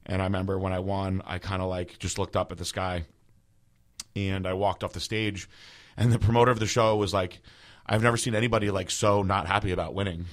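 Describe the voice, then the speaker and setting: Low-voiced man telling a rambling story. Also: steady tone, fairly quick. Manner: rambling, filler-heavy, emotional storytelling. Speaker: podcast host. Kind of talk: casual storytelling.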